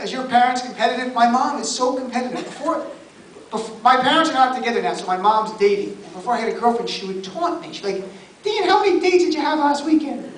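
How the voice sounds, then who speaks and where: A man from New Jersey doing a stand-up set, chatting with the audience and firing off mock-exasperated asides. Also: extremely high pitch. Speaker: stand-up comedian. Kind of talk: stand-up comedy set with crowd work. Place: comedy club stage, live audience. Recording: roomy club sound from a distance, loud crowd and noise. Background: audience laughter and chatter.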